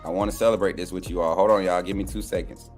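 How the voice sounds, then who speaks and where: A relaxed young man with a fairly low voice chats easily to his audience on a live stream. His talk is loose and friendly, full of asides to the viewers. Faint music plays behind him. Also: quick pace. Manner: relaxed, folksy, addresses viewers as y'all. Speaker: co-panelist on a sports show. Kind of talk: casual live stream chat.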